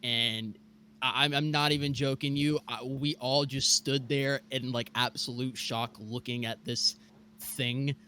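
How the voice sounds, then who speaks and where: A man's voice: mid-range voice, measured pace, a little hiss or hum. Young man telling a spooky story. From Mississippi. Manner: animated, many fillers like "like" and "bro". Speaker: guest storyteller. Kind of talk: casual podcast storytelling.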